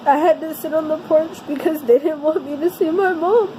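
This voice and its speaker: A woman telling a personal story in a vlog, earnest and halting, often restarting her sentences. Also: high voice, steady tone, noisy background. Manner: somber, heavy-hearted telling. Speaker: vlogger.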